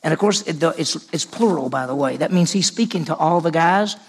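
A man's voice: a little high, fairly quick, a little hiss or hum. A man teaching a Bible study lesson in a conversational way, repeating words for emphasis.

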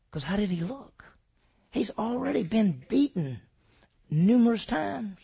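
Guy preaching a sermon, gravelly husky voice, kinda high, goes loud then real quiet. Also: big pitch swings, a little slow. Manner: emphatic preaching with rhetorical questions, swinging from loud to hushed. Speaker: pastor.

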